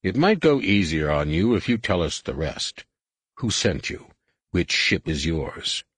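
A man's voice: low voice, very animated, unhurried, fairly bright tone, breathy edge, dry recording, exaggerated voice. A man doing a smug, cruel police lieutenant. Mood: condescending.

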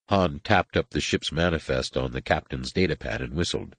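A man's voice: rumbling low, moderate pace, gravelly, hardly any pauses, no room sound. A man narrating a story aloud, reading expressively and giving each figure a voice. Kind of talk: audiobook narration.

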